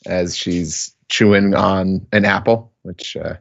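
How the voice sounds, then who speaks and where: A slow-talking man with a low, gravelly voice recaps a story in relaxed podcast chat. He stumbles through fillers and pops his voice up high whenever he quotes a character. The audio is a little dull. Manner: halting, many fillers, acts out quotes in higher voice. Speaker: podcast co-host recapping a manga chapter. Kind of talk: casual recap with quoted lines.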